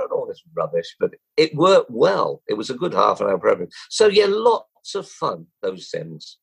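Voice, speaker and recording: In a low-quality recording, a fairly low, slightly rough voice with vocal fry comes through at a moderate pace with few pauses. It belongs to an older English ex-jockey turned broadcaster who, as an interview guest, tells lively stories, voices the people he quotes, chuckles and frequently restarts.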